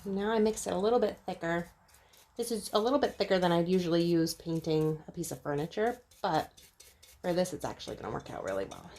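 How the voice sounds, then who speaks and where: A woman's voice: fairly low pitch, lively intonation, a little fast, a little mellow, a little hiss or hum. A woman hosting her own DIY channel, talking viewers through a craft project step by step in a casual, friendly way. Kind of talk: casual how-to narration.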